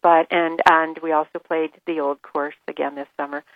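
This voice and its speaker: A woman author telling stories as a radio guest, enthusiastic and animated. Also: deep voice, moderate pace, creaky, no echo, phone-quality sound. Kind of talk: radio interview.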